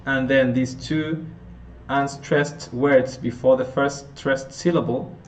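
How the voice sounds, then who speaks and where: A man teaching an intonation lesson, working through example sentences slowly, often restarting and correcting himself. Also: medium pitch, fairly even intonation. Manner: slow, halting, with frequent restarts and self-corrections. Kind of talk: phonetics lesson explanation.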